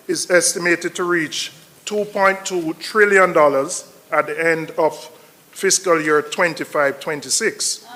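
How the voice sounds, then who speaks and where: Man, opposition finance spokesman; high, bright voice, combative, emphatic repeats in debate. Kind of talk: parliamentary budget debate speech.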